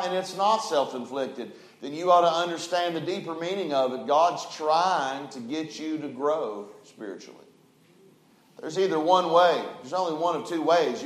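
A man preaching a sermon, telling folksy stories and building to fervent calls. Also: a little high. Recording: roomy echoing hall.

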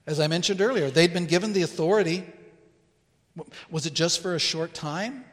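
A man preaching a sermon as pastor in a church, earnest and deliberate, pausing to stress key words. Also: a little high, big-room sound. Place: church sanctuary.

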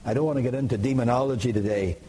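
A man preaching a sermon, emphatic and rising to impassioned high peaks. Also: very fast, mellow, husky, low-quality recording.

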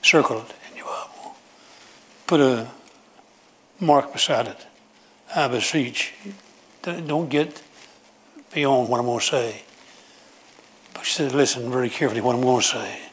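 A man's voice: mid-range voice, a little slow, long pauses, husky. A man preaching a sermon, emphatic and repetitive as he pleads with his congregation.

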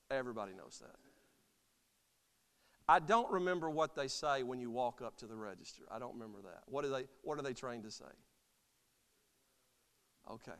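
A man preaching an impassioned sermon as pastor, swinging from loud cries to soft, quiet lines. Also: mid-range voice, lively intonation, a little fast, long pauses. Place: church sanctuary. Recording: long church reverb.

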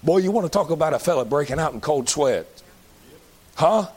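A middle-aged Baptist preacher, preaching a folksy sermon that climbs into shouted emphasis. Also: male voice, on the high side, lively intonation, fairly quick.

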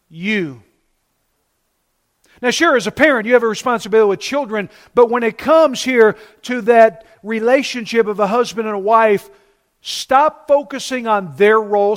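High-voiced man preaching with emphasis. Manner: emphatic preaching, slowing down to stress key words. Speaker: pastor. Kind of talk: sermon.

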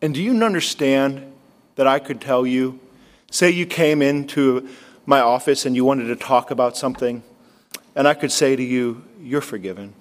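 A man, a pastor, preaching a sermon with earnest, emphatic delivery, repeating key phrases and dropping to a low, hushed voice when quoting. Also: moderate pace. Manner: drops to a low, hushed voice to quote Jesus.

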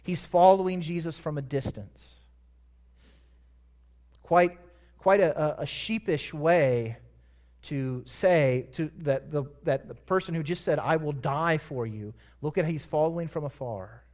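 A man delivers a sermon at a slow, unhurried pace, stretching key words for emphasis. His voice sits a little high for a man as he retells the story with careful weight on each phrase. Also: a little mellow. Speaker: preacher.

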